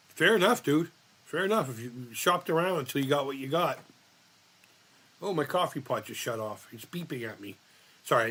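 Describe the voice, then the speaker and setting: Middle-aged man, bright voice, loose and profane, rambling live-chat host. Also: mid-range voice. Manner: profane, rambling storyteller reading chat aloud. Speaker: livestream host.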